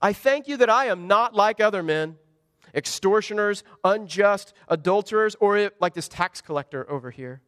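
A man's voice: high voice, animated, normal speed, a bit bright, smooth, dry recording, clean studio sound. A man doing a smug boasting Pharisee. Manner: boastful, self-satisfied. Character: smug self-righteous Pharisee praying aloud.

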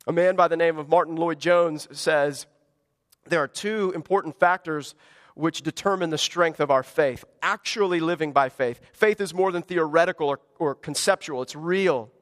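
A man's voice: a little high, normal speed, long reverb tail. A man preaching a sermon to his congregation, earnest and conversational, full of rhetorical questions. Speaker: pastor. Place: church service in a school gymnasium.

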